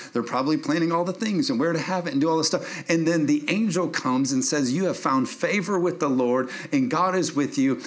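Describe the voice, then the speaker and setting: A man preaching from a church pulpit, his voice sitting in an ordinary middle register. He reads scripture, then builds into emphatic, rising calls and asides that draw answers from the room. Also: mid-range voice. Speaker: pastor. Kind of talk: sermon.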